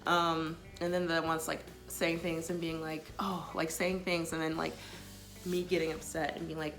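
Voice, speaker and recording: A woman talks straight to the camera about relationships in a loose, chatty way, with plenty of filler words. Her voice sits low and has a gravelly fry. Faint music plays behind her. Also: flat delivery, normal speed. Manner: chatty, many filler likes, quotes others in passing. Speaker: vlogger giving relationship advice. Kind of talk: casual talking-to-camera advice.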